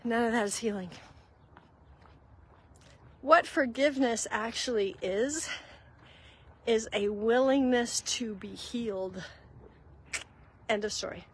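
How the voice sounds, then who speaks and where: A woman's voice: on the high side, takes it slowly, pauses often, slightly rough, rough recording. Earnest woman giving faith guidance. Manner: earnest and conversational, addresses listeners as guys. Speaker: host giving spiritual guidance. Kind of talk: faith-based walk-and-talk teaching. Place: walking outdoors.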